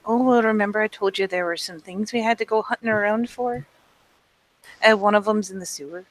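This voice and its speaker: A woman's voice: medium pitch, fairly quick, no room sound, rough recording. A woman playing her character in a tabletop game, talking casually and folksily with plenty of filler words. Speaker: player. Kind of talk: in-character role-play.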